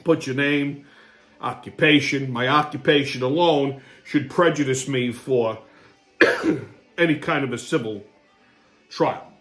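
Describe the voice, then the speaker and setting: A man hosting his own show, telling a story as a comedic monologue, profane and sarcastic, swinging between low muttering and excited outbursts. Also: slow pace, pauses often, soft background music. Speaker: host.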